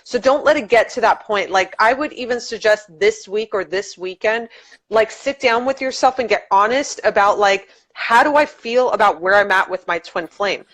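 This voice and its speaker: A woman's voice: medium pitch, normal speed, a bit bright. Earnest woman giving frank advice. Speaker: guest reader. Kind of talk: casual livestream chat.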